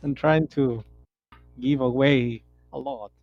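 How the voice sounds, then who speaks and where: A man from the community chatting on a live stream in halting, broken English, laughing between words. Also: mid-range voice, steady tone, dry recording, dull audio, faint music behind. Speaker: community member.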